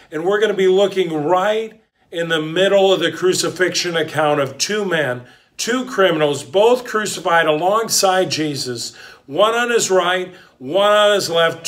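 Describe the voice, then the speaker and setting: A man preaching a sermon as a pastor, in a slow, deliberate manner with dramatic pauses. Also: a little high, a bit bright.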